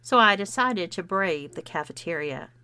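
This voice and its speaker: A woman's voice: on the low side, lively intonation, normal speed, pushed and bright, smooth, no echo. A woman narrating a first-person story and voicing its dialogue herself. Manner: acts out dialogue with shifting voices.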